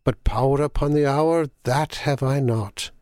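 A man voicing a troubled young princess in a storybook reading, measured and earnest. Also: mid-range voice, darkish tone, no room sound, clean studio sound, natural voice. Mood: musing.

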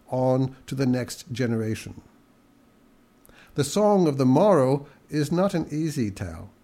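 A man's voice: mid-range voice, darkish tone. A man hosting a story program, reflectively introducing and commenting on a fable. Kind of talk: scripted radio introduction.

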